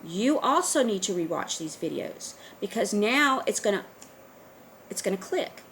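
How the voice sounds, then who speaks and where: A woman talking straight to her viewers in a casual monologue, earnest and urging, often pausing on fillers and restarting. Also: medium pitch, lively intonation, a bit bright, a little hiss or hum, rough recording. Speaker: online video host. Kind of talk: casual direct-to-camera monologue.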